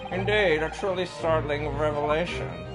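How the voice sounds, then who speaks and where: A man's voice: fairly high pitch, very animated, gravelly, voice pushed up. A man voicing a pompous, grandiose male detective with a theatrical put-on accent, reading game dialogue over music. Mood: haughty. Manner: grandiose, lofty, slow reading. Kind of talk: reading game dialogue aloud on a live stream.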